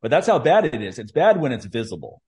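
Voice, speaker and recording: A man's voice: medium pitch, big pitch swings, fast talker, a little mellow. A man co-hosting a podcast, talking in an easygoing, chatty way. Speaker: podcast co-host. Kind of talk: casual chat.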